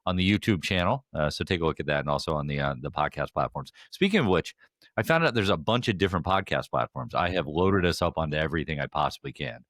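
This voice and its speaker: A man's voice: very deep voice, expressive, quick pace, fairly bright tone, no echo, clean studio sound. A man hosting a casual podcast chat, rambling with many fillers and restarts. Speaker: podcast host.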